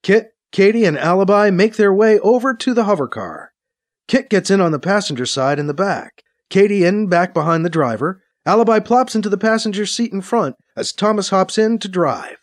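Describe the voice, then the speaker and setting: A man narrating a science-fiction story with a dramatic, expressive reading. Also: high voice, moderate pace. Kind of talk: audiobook narration.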